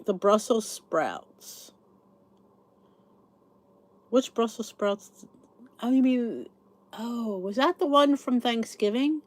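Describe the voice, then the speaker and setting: Speaking slowly with frequent pauses, this middle-aged podcast host has a slightly high, expressive voice. She yawns and sounds sleepy, rambling and thinking aloud while reading and answering live comments.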